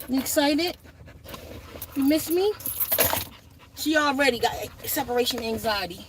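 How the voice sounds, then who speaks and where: A woman with a high voice talks on a live phone stream, chatting offhand while calling and coaxing her dogs, her voice often going up and sharp. Heavy background noise from barking and passing traffic runs under everything. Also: a little slow, long pauses. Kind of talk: casual live-stream chat.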